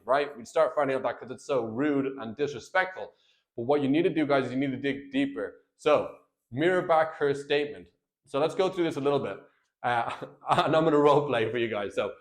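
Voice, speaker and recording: A man talking straight to camera as a marriage coach, earnest and plain-spoken, calling his viewers guys and brother. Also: on the high side. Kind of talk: direct-to-camera coaching talk.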